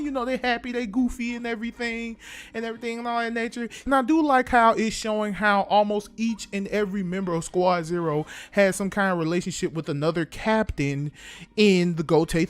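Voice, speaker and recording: A young man casually reviewing an anime episode, with animated, slangy delivery. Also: sits high, moderate pace, clean tone, soft background music. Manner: animated, slangy, acts out scenes.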